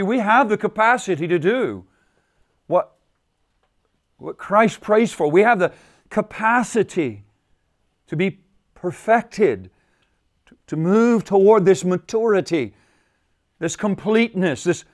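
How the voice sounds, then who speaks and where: A male pastor delivers a sermon with a fairly high voice. He repeats key phrases and lets his delivery drop to a hush before rising again for emphasis. The setting is a retreat gathering. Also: expressive, slow, long pauses. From United States. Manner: repeats phrases, rises and falls in pitch and volume for emphasis. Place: church at a men's retreat.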